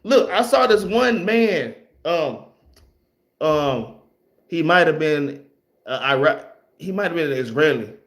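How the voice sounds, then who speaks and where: A young man teaching scripture in a loose, slangy way, repeating words and reading verses slowly. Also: fairly high pitch, lively intonation, fairly bright tone. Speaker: street preacher teaching scripture. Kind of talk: informal Bible teaching.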